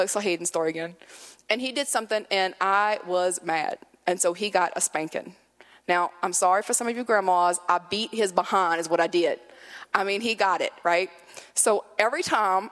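A woman preaching a conversational sermon, telling lively personal stories and acting out a child's voice. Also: medium pitch. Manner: animated storyteller, acts out her son's voice. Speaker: guest preacher. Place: church sanctuary. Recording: long hall reverb.

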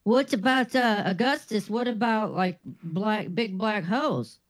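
A man's voice: high voice, a little slow. A man co-hosting a comedy podcast, swearing and teasing a caller in exasperated banter. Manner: crude, exasperated, mocking. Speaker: co-host. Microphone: video call.

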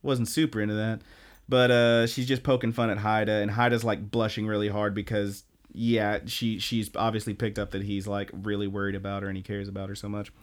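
Talking fairly quickly in a lowish voice, a man co-hosting a podcast goes over an anime. His recap is rambling and profane, told with animated storytelling in a casual chat.

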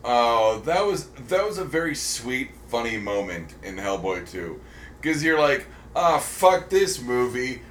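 A man's voice: medium pitch, expressive, measured pace, fairly bright tone. A man co-hosting a podcast, chatting casually about films and shows, rambling with many ums and restarts. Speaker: podcast co-host. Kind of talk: casual chat. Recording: roomy echo with faint noise.

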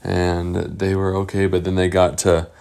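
Gravelly man telling a made-up story. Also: sits low, monotone, a little mellow. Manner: rambling, halting with fillers. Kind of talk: improvised bedtime story.

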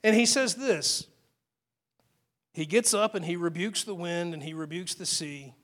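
Speaking unhurriedly in a high voice, the pastor delivers a personal, conversational sermon full of restarts and abrupt changes in volume.

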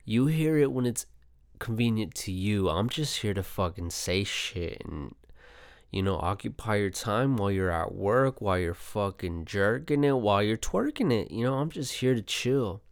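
A man's voice: on the low side, animated, normal speed, clean tone, no room sound, clean studio sound. A young man hosting his own podcast alone, talking casually in a loose, profane, rambling way. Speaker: podcast host. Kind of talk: casual solo podcast chat. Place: home setup, Arizona.

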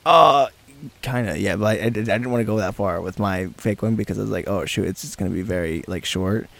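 A man's voice: lowish voice, fast, creaky, fairly bright tone. A young man hosting a casual podcast, rambling with restarts and laughing often. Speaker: podcast host.

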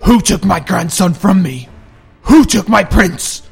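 A man's voice: high voice, expressive, unhurried, creaky, breathy edge, pitched above the performer's own voice, exaggerated voice. Old king in an audiobook, frantic with grief, read by a man: raised voice, faint music underneath. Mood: furious. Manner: raised, anguished cries. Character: old grieving king, loud, anguished.

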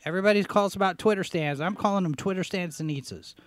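Male talk host, fairly high voice, sarcastic, reads headlines, clears throat a lot, dry close sound. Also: fast, no echo. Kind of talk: opinionated commentary, reading headlines.

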